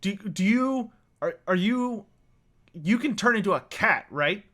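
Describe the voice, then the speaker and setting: A shy teenage boy, starstruck and stumbling over his words, played by a man in a tabletop game. The voice sits high and bright, and the boy trips over his words as he rushes to speak. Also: animated, heavily acted. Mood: nervous, eager. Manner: stammering, nervous and eager.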